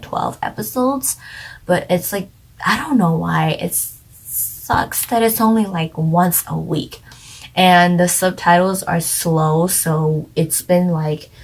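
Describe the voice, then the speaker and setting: A woman's voice: on the low side, vocal fry, breathy edge. A young woman hosting a casual drama review, chatty and full of filler words, laughing easily.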